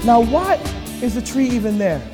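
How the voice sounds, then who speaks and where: A man from the United States preaching a sermon as a deacon, lively and full of rhetorical questions. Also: very high voice, normal speed, big-room sound, faint music behind.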